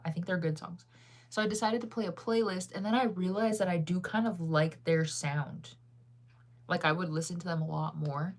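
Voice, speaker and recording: Young woman streaming, chatty, laughs a lot, kinda low voice. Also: fairly even intonation, moderate pace. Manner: chatty, laughs often, reads chat aloud. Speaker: livestreamer. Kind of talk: casual chat reading viewer comments.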